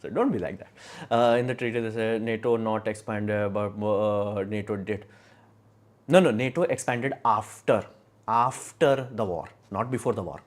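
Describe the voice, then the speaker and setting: A man's voice: fairly low pitch, normal speed. A young man from India hosting a casual livestream, talking in a blunt, argumentative, rambling way. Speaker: live stream host.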